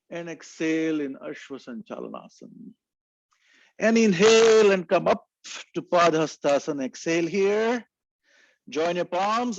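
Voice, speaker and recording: A man leading a yoga class, calmly cueing breath and poses and chanting short mantras. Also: a little high, dry recording, muffled recording. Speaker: yoga instructor. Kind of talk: guided yoga instruction.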